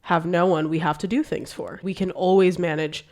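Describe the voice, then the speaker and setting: A young woman from the United States co-hosting a podcast, chatting casually and telling stories with animated energy and frequent swearing. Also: fairly low pitch, moderate pace. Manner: animated storyteller, swears freely. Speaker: podcast co-host. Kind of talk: casual chat.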